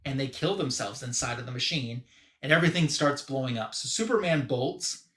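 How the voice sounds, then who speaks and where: A man's voice: mid-range voice, animated, brisk, fairly bright tone. A man hosting a live show and casually recapping a comic book story, quoting the characters loosely. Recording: roomy echo.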